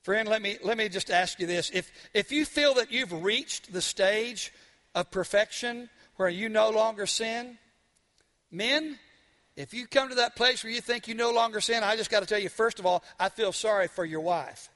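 A man preaching a sermon, telling stories and asking his listeners questions, swinging from loud emphatic points to hushed ones. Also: high-pitched, normal speed, in a large hall. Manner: asks the congregation questions. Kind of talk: sermon with storytelling.

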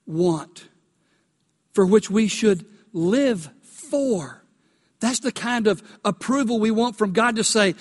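A male pastor preaching a sermon. He builds to emphatic, almost shouted peaks and asks the congregation questions. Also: high-pitched, long reverb tail. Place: church sanctuary.

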